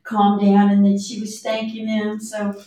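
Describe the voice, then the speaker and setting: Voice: medium pitch, completely flat delivery, measured pace, mellow. A podcast co-host joining in a casual chat, recounting a story in a supportive way. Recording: heavy echo, distant from mic.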